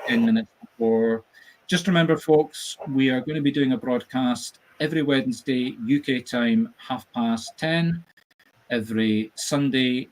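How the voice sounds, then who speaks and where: A man with a Scottish accent, a medium hosting a casual live-stream chat, talking in a chatty, animated, jokey storytelling way. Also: medium pitch, slight background noise. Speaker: medium and host. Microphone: video call setup.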